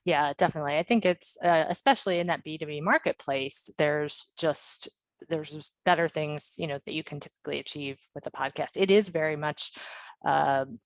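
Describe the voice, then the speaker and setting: A woman's voice: deep voice, normal speed, no echo. A woman guest on a podcast interview, talking casually with lots of fillers and restarts. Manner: chatty, many fillers and restarts, light laughs.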